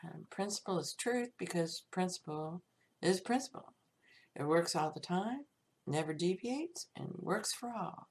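Slow gravelly-voiced woman podcast host. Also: fairly low pitch, animated, a little hiss or hum. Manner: slow, gravelly, plain-spoken. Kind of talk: reflective monologue.

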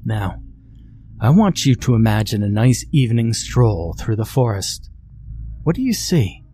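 A man voicing a wily, silver-tongued boy telling a scary campfire tale in a low, sinister voice. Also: very animated, unhurried, warm tone, a little hiss or hum. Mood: ominous.

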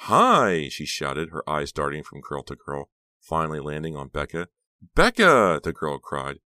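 A man narrating an audiobook in a measured storytelling manner. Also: very deep voice, flat delivery, sharp tone, clean tone, no room sound, studio quality. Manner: measured storytelling, voicing all characters. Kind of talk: scripted narration.

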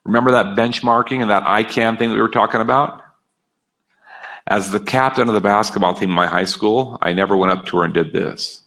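A man's voice: on the low side, a little fast, fairly bright tone, rough recording. A man leading an interactive seminar, energetically coaxing his live and online audience and repeating their answers aloud. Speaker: speaker leading a workshop.

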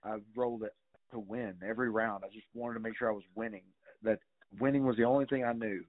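A middle-aged male guest with a lowish voice and fairly even intonation talks fast as he rambles through casual stories, full of fillers and the odd swear word. The recording sounds tinny, like a phone.

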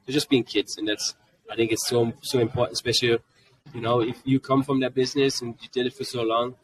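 A man in his forties with a German accent tells stories casually as a podcast guest. He breaks into quick acted-out lines from his kids as he goes. His voice sounds a little distant from the mic, as if recorded at a convention booth. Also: medium pitch, a little hiss or hum. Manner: animated, jumps into quoted voices of his kids. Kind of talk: casual storytelling.

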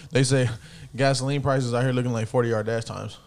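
A man's voice: mid-range voice, steady tone, a little fast. A man, trading joking, profane banter as a podcast co-host. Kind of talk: casual chat.

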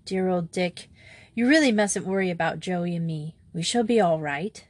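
A woman's voice: fairly low pitch, normal speed, no room sound, natural voice. A woman voicing a determined, cheerful young woman in an audiobook reading, speaking earnestly and persuasively.

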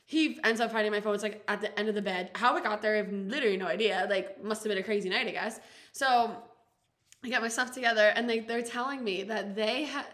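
Bright, animated woman in her twenties. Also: medium pitch, fast. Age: 20s. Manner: animated, laughs a lot, many "like"s. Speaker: podcast co-host. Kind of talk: casual storytelling chat.

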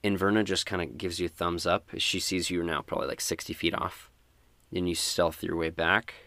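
Deep-voiced guy running a tabletop game, dry close sound, lots of ums. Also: flat delivery, normal speed, pushed and bright, no echo. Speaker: game master.

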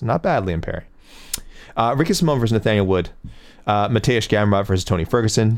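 Chatty male MMA show host. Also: fairly low pitch. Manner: chatty, rambling, self-correcting with fillers. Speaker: MMA show host reading viewer picks. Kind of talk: casual livestream commentary.

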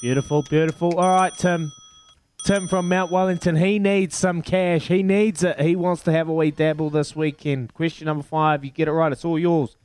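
A man's voice: a little high, flat delivery, moderate pace, a little mellow, clear, resonant tone. A man with a New Zealand accent hosting a breakfast radio quiz, in jokey, matey banter. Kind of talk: casual breakfast radio chat.

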